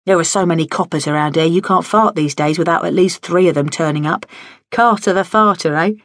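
A woman's voice: lowish voice, a little fast, dry recording, lightly acted. A woman voicing a big, chatty, kindly older Victorian man in an audiobook, hearty and full of gossip. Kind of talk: audiobook character voice. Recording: dry studio audio.

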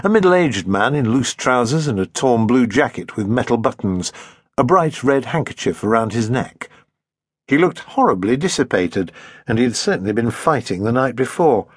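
A man narrating a historical novel in an expressive, husky voice. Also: mid-range voice, moderate pace, no echo, studio quality. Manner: expressive, varied reading. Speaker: audiobook narrator. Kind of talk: scripted narration.

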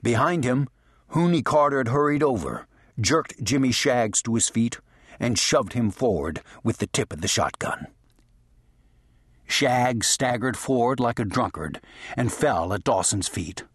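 Male narrator for a western audiobook; husky, dry close read. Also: mid-range voice, lively intonation, a little slow, dry recording. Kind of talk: scripted narration.

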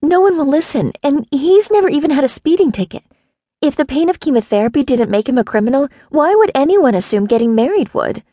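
A woman's voice: lowish voice, normal speed, vocal fry, darkish tone, no echo. A woman voicing a desperate young woman who pleads and rambles through tears. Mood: pleading. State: tearful.

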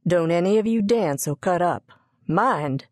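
Woman narrator doing proud old cook, scolding, folksy, low voice, dry read. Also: lively intonation, measured pace, darkish tone, no room sound. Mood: bossy.

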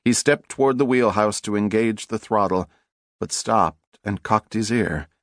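A man giving measured, dramatic scripted narration for an audiobook on a close studio mic. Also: on the low side, no echo.

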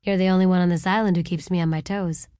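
A woman's voice: fairly low pitch, fairly even intonation, fast, mellow, clean tone, no room sound, close to an everyday voice. A woman voicing a charming, wealthy male yachtsman who teases in a crooning way. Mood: teasing. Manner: teasing, crooning. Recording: dry close audiobook studio.

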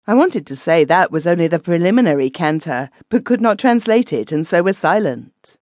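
A woman narrating a classic story in an audiobook, wry and measured. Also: on the low side, sing-song, darkish tone, dry recording, studio quality. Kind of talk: scripted narration.

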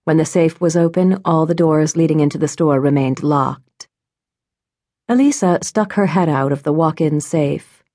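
A woman reading an audiobook in scripted narration, measured and even. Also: low-pitched, dry recording, studio quality.

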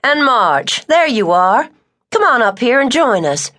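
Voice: medium pitch, steady tone, fairly quick, a bit bright, lightly acted. A woman voicing Ella, a cheerful woman calling friends over, in an audiobook. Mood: welcoming.

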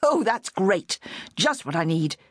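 A woman's voice: mid-range voice, sing-song, measured pace, a bit bright, no room sound, clean studio sound. A woman narrator voicing a harried young working mother who sounds flustered and apologetic, with her voice raised above her narrating tone. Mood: groaning. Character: harried young mother juggling publishing job.

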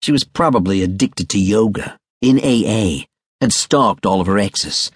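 A man's voice: lowish voice, a little slow, breathy edge, no echo, studio quality. A man narrating a crime audiobook with a wry, sardonic delivery. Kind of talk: scripted noir narration.

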